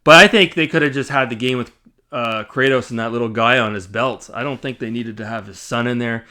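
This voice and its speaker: A man's voice: mid-range voice, brisk, pushed and bright. A man giving an opinionated, blunt spoken game review, with many fillers and restarts. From Canada.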